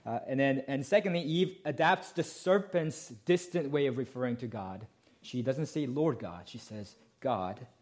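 A man's voice: medium pitch, expressive, normal speed. A male pastor preaching a sermon, explaining a passage emphatically and asking rhetorical questions.

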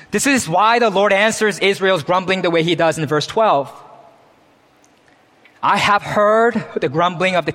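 A man's voice: fairly high pitch, fairly bright tone, in a large hall. A man preaching a sermon as pastor, earnest, reading scripture with rising emphasis. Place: church.

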